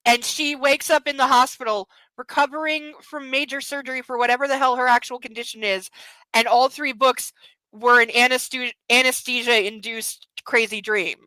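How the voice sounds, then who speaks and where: A chatty woman hosts a casual book club stream from home, her voice high and bright. She slips into gushing baby talk between thoughts. The sound is dry and close. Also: steady tone, moderate pace, no room sound, low-quality recording. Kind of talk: casual livestream chat.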